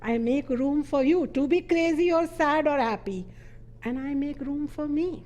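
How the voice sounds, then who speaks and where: Playful, animated woman spiritual teacher. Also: normal speed. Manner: playful and animated, laughing and leaping up in pitch for emphasis.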